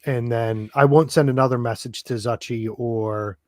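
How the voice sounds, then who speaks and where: A man playing a tabletop game, planning his character's moves in a halting, thinking-aloud way. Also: medium pitch, steady tone, a little mellow, no echo, studio quality. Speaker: player.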